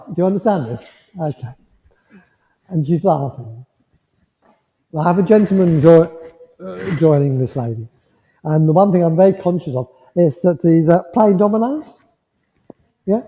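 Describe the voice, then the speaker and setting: A gentle, reassuring man gives a mediumship demonstration, his voice high and dark in tone. The sound is dull and muffled, and it rings with the long reverb of a village hall. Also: lively intonation, normal speed, long pauses. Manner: gentle, reassuring, checks in with "yeah?" often.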